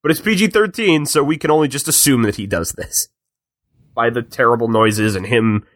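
A man recapping a film on a podcast in a chatty storytelling way, with quick asides. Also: mid-range voice, fairly bright tone, dry recording, clean studio sound. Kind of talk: casual chat.

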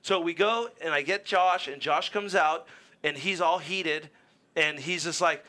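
An animated man with a bright, forceful voice and a slightly high pitch, telling a heated story on a talk radio show. He acts out the other people in his story as he goes. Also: normal speed. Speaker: team manager. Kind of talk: heated casual radio chat.

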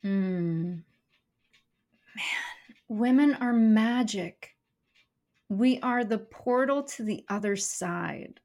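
As a podcast guest, this young comedian and keynote speaker talks candidly, swears casually, and acts out inner voices. Her medium-pitched, slightly mellow voice moves extremely slowly, with long pauses.

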